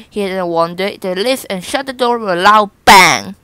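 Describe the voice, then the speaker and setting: A woman reading a children's picture book aloud in a slow, careful manner. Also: medium pitch, sharp tone, clear, resonant tone, dry recording, rough recording. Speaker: storybook reader.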